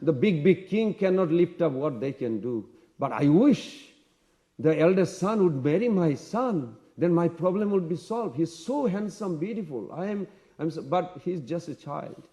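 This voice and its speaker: A man's voice: on the high side, lively intonation, mellow, natural voice. A man doing a plaintive, regretful queen mother. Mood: lamenting. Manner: slow, plaintive.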